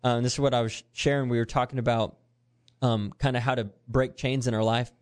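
Man, youth pastor, animated storyteller, acts out voices, mid pitch. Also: fast talker. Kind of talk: conversational storytelling.

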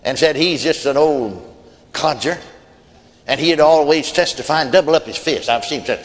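A man's voice: a little high, fairly quick, in a large hall, a little hiss or hum. A man preaching a sermon, telling folksy stories with quoted voices and chuckles. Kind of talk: sermon storytelling.

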